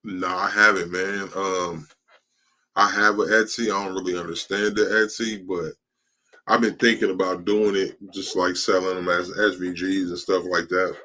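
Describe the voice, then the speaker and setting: A man with a very low voice that barely rises or falls talks about his design work in loose, laid-back phrases. He has the hiccups and keeps breaking off. It is an unhurried podcast conversation. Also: little pitch movement, sharp tone. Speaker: podcast guest, t-shirt designer. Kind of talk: casual podcast chat.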